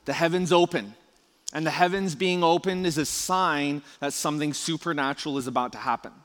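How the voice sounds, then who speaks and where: A fairly high-voiced male preacher talking casually to his congregation, tripping over restarts and tossing out rhetorical questions. His voice rings with a long reverb through a large hall. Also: a little fast, a bit bright. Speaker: pastor. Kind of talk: conversational sermon.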